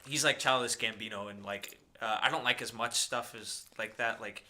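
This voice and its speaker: Young male podcast co-host, bright voice, casual rambling chat. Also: lowish voice, fairly even intonation, normal speed, slight background noise. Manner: rambling, lots of fillers and impressions.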